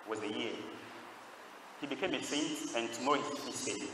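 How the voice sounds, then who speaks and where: A man's voice: mid-range voice, noisy background. Preaching man in an echoey church. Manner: call-and-response preaching, asks the crowd questions. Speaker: priest. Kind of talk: sermon. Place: large church. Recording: echoey hall, distant mic.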